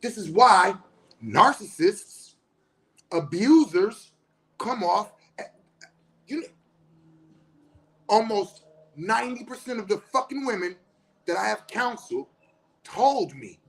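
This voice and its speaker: Aave-speaking counselor guy going off, cussing, passionate, gets loud. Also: high voice, lively intonation, slow, vocal fry, pauses often. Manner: passionate, blunt, heavy swearing, rising to shouts. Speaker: spiritual teacher and counselor. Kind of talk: impassioned profane monologue.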